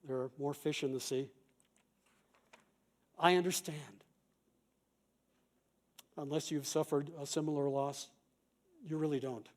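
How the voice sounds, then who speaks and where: A middle-aged man speaks as a pastor giving a conference talk. His voice is mellow and warm and sits a bit high. He teaches in a calm, measured way, quoting examples. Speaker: pastor and chaplain.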